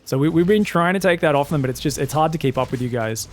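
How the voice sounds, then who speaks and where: A man's voice: fairly high pitch, quick pace. An Australian man casting an esports match live, rambling through joking asides between play-by-play commentary. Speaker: esports caster.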